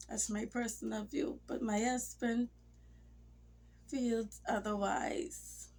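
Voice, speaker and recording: A woman's voice: a little high, little pitch movement, takes it slowly, creaky, darkish tone. A woman talking casually to her camera in a rambling, emotional way. She has a cold and sometimes drops into near-whispers. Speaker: vlogger. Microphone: phone or camera mic.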